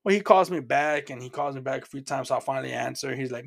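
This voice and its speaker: A man's voice: mid-range voice, fast, vocal fry, fairly bright tone. A middle-aged man from Houston, earnest and plain-spoken, sharing his Christian testimony as a personal story. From Houston, Texas. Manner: earnest, plain-spoken, repeats words as he goes.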